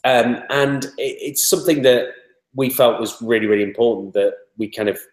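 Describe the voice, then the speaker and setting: A man's voice: mid-range voice, normal speed. Chatty man, roomy echo. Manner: chatty, rambling, many fillers. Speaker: interview guest, toy startup spokesman. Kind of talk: casual interview talk.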